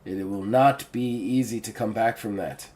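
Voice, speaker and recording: A man voicing a kindly, fatherly older officer who speaks softly and soothingly. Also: fairly low pitch, normal speed, voice pushed down, lightly acted. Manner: soft, soothing, calls the listener "me boy".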